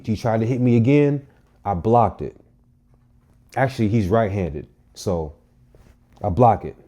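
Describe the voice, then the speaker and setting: Low, warm-voiced man telling a story. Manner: animated, profane, emphatic storytelling. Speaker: vlogger. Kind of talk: casual storytime monologue.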